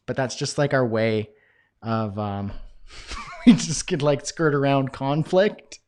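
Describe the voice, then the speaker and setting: A man from Canada with a Canadian accent, hosting a live Q&A call. He reads chat comments aloud and rambles and jokes, with lots of fillers. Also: medium pitch. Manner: rambling and jokey, with many fillers. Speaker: course host and coach.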